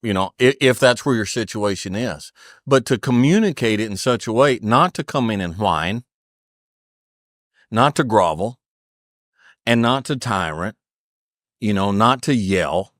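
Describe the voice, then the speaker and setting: A man's voice: on the low side, animated, a little slow, a bit bright, no echo, studio quality. A middle-aged man talking about family and faith, giving advice in an earnest, preaching way and repeating phrases for emphasis. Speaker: podcast guest. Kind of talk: conversational storytelling and advice.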